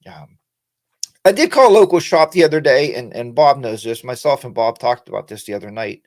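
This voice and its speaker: A man's voice: mid-range voice, lively intonation, brisk, darkish tone. A middle-aged man from the United States hosting a casual motorcycle live-stream chat, rambling with lots of fillers and restarts. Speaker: motorcycle channel host.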